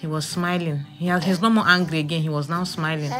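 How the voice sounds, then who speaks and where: A woman's voice: low voice, fairly even intonation, fast, a bit bright, faint music behind. A woman narrating a casual family vlog, chatty and tired, often calling her viewers guys. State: tired, exhausted. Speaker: family vlogger.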